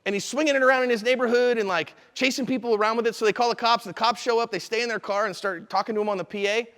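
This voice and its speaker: A man teaching a live seminar, energetic and conversational, with quick asides to the audience. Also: extremely high pitch, clean tone, long reverb tail. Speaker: self-defense instructor. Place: convention hall seminar room.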